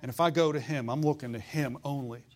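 A man's voice: medium pitch, quick pace, darkish tone. Man, pastor, folksy fiery sermon, call-and-response.

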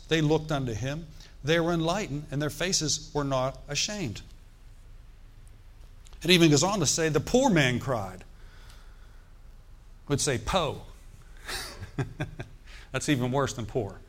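A man preaching a sermon, animated and quoting scripture, calling out for amens. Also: fairly high pitch.

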